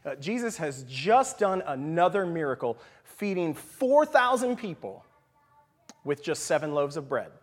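A man teaching scripture in a relaxed, conversational way, often checking in with "right?" and sometimes dropping to a whisper for emphasis. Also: a little high, a little slow. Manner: animated, leans on "right?" and "okay?". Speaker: Bible study teacher. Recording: long hall reverb.

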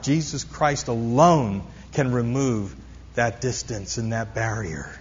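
A man's voice: on the high side, breathy edge. Man preaching in a reverberant hall. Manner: emphatic, repeats key phrases, asks the congregation questions. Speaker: pastor. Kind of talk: sermon. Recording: long hall reverb, dull lo-fi sound.

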